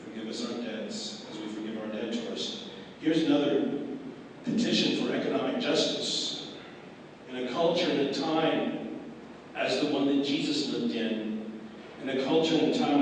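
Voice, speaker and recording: A man's voice: medium pitch, a little hiss or hum. A man delivering a sermon as a pastor, acting out dialogue with wry humor and dramatic swings in delivery. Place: large convention hall. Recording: echoey hall, distant mic.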